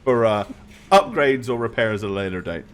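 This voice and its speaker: A man's voice: on the low side, lively intonation, normal speed. Hesitant man narrating a tabletop game. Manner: hesitant narration with many ums and restarts. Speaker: game master.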